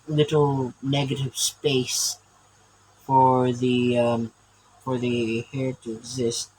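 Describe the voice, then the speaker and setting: Slow, rambling man chatting while drawing. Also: mid-range voice, slight background noise, poor audio. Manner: rambling, stammering, laughs often. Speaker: artist drawing on camera. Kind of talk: casual chat while drawing.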